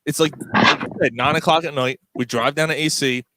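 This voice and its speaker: Animated man telling a story. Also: fairly quick, dry recording. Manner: animated, acts out quotes with pitch jumps. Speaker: podcast host. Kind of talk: casual storytelling.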